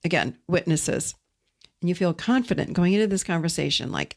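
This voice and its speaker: A woman's voice: on the low side, lively intonation, normal speed, vocal fry, a little mellow. Emphatic woman giving relationship advice. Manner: emphatic, repeats key words for stress. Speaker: podcast host.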